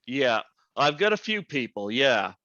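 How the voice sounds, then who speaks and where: A man's voice: medium pitch, sing-song, measured pace, bright, forceful tone, dull audio. A man from Canada hosting an interview show, chatty and self-deprecating. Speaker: podcast host. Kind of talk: casual interview chat.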